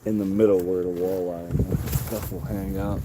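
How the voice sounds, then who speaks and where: A man chatting casually on a fishing livestream from a small boat, relaxed and rambling with frequent chuckles. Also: low-pitched, moderate pace. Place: small boat on a lake outdoors. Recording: wind noise on the mic. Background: wind and water.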